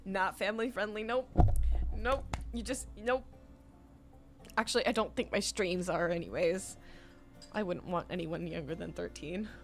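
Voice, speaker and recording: A streamer talking casually while playing a game, giggly and dramatic, reading dialogue aloud, with faint game music in the background. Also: female voice, mid-range voice, steady tone, normal speed, long pauses.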